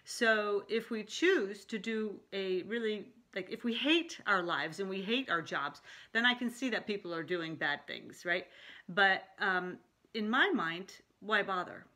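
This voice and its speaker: A middle-aged woman life coach talking casually to camera in a chatty, animated way, often laughing. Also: mid-range voice, measured pace. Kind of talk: casual talking-head vlog.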